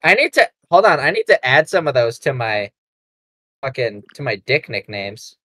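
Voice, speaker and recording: A young man hosting a podcast, rambling and excitable in crude casual banter, laughing often. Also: mid-range voice, normal speed, no echo. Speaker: podcast host.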